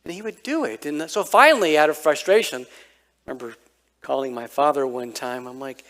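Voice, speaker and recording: A male pastor preaching a sermon, telling a childhood story with animated quoted voices. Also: on the high side, normal speed.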